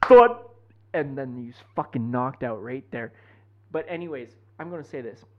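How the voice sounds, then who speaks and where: A young man co-hosting a podcast, telling stories in a profane, animated way. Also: medium pitch, moderate pace. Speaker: podcast co-host. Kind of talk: casual chat. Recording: dull lo-fi podcast mic.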